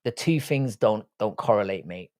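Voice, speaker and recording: A man's voice: fairly low pitch, expressive, normal speed, darkish tone. Sweary young man with a London accent. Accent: London English. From Ireland, raised in London. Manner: blunt, sweary, sardonic. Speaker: livestream host reading chat. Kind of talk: casual live-stream chat.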